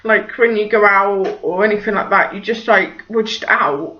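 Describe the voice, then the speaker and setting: A woman's voice: medium pitch, moderate pace, sharp tone, lo-fi sound. A young woman chatting casually about parenting in her vlog, rambling and full of "like" and "just". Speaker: parenting vlogger.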